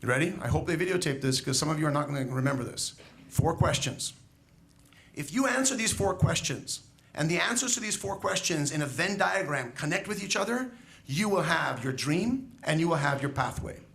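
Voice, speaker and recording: A man addresses graduates from a stage in a commencement speech. His voice sits a little high and carries a gravelly rasp. He speaks emphatically, telling stories and putting rhetorical questions to the class. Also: animated, a little fast, fairly bright tone. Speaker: school educator.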